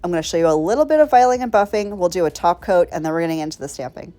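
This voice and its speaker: A woman's voice: fairly low pitch, animated, very fast, dark tone, soft background music. A woman chatting through a nail tutorial in a bubbly, rambling way, talking straight to her viewers. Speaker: nail art creator.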